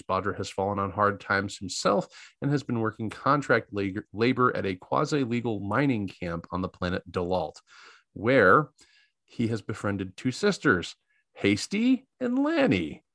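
A man's voice: on the low side, normal speed, fairly bright tone, no room sound, studio quality. A man co-hosting a casual chat, reading a plot summary aloud in a laid-back way, stumbling over names and laughing at them. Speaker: podcast co-host.

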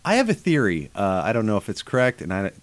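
Male, casual friend chat; blunt, profane, animated opinions. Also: on the low side, fast.

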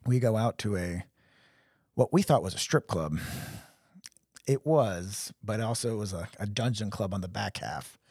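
A man's voice: on the low side, lively intonation, normal speed, a little mellow, slightly rough, dry recording, studio quality. A young man telling stories in casual podcast chat, acting out quotes in different voices. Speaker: podcast co-host.

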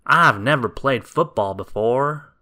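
A man voicing a small, modest magical being who can do anything, in a calm, matter-of-fact way. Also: mid-range voice, slow, full character voice.

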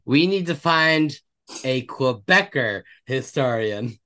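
A man's voice: medium pitch, expressive, takes it slowly, sharp tone. A man co-hosting a podcast in casual chat, joking, laughing often and poking fun at himself. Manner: jokey, laughs often, self-deprecating. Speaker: podcast co-host.

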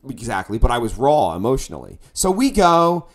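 A man, a musician, telling a tour story in casual chat, animated and bursting into loud quoted lines. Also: mid-range voice, brisk.

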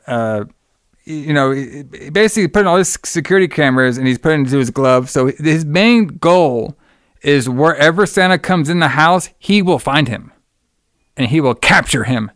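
A man's voice: on the high side, lively intonation, moderate pace, a bit bright, clear, resonant tone, no echo, clean studio sound. A man in casual chat, retelling a movie plot in a loose, profane, rambling way and laughing often. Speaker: podcast co-host recapping a movie.

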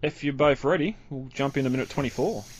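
A man's voice: mid-range voice, fast talker, slight background noise. A man hosting a podcast in casual chat, laughing often. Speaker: podcast host. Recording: dry, slightly dull audio.

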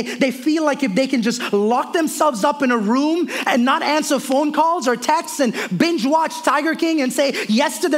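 A male pastor preaching a sermon, earnest and personal, often repeating words and moving between raised and hushed delivery. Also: very high voice.

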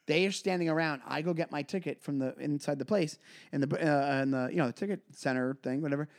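A man, co-hosting a podcast and telling a story in casual chat, acting out other people in high voices. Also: fast talker. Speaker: podcast co-host, comedian.

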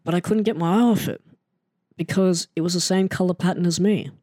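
Animated self-mocking male storyteller. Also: fairly quick, dry recording, studio quality. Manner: animated, self-mocking, jumps into excited higher pitch. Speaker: storyteller recounting his wrestling start. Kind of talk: casual storytelling monologue.

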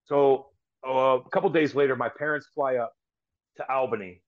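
Speaking at a moderate pace in a mid-range voice, this man is a former professional hockey player from St. Louis, US. As a podcast guest, he tells a meandering, casual story full of curse words and restarted sentences, captured on slightly dull lo-fi audio.

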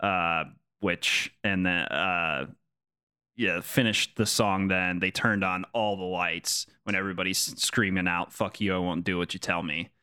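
Low, smooth-voiced man chatting with friends. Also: fairly even intonation, measured pace, sharp tone, no room sound, studio quality. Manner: enthusiastic, laid-back storytelling. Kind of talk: casual chat.

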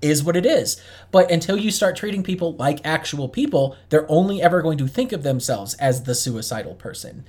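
A man's voice: fairly high pitch, animated, a little fast, darkish tone. A man co-hosting a casual podcast, talking candidly and thinking aloud with frequent restarts. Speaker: podcast co-host. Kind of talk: casual chat.

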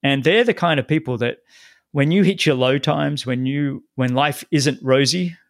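Give me a man with a gravelly voice, interviewing a guest in an earnest way. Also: a little high, normal speed, no room sound, clean studio sound. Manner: earnest, frequent restarts. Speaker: podcast host. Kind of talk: interview conversation.

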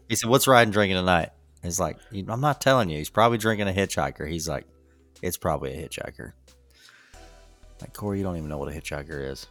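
A man's voice: deep voice, no room sound. A middle-aged man co-hosting a podcast, telling rambling stories with a chuckle in casual chat. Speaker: podcast co-host.

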